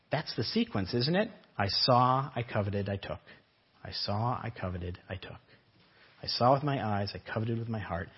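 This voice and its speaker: Husky-voiced male preacher. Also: medium pitch. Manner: earnest, with many rhetorical questions. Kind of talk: sermon. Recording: dull lo-fi recording.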